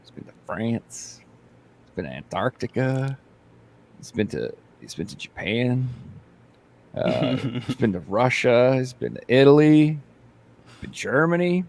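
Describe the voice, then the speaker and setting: A man hosting a casual podcast, talking at a mid-range pitch for a man. He rambles and jokes, trips over his words and circles back with plenty of fillers. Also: expressive, a little slow, gravelly, long pauses, a little mellow. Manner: rambling, jokey, lots of fillers and restarts. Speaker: podcast host. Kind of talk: casual chat.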